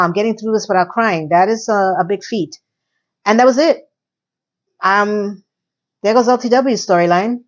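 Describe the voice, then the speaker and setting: A woman casually recapping and reviewing a TV episode, animated and sarcastic, swinging between loud and soft. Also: medium pitch, muffled recording. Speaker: TV review vlogger.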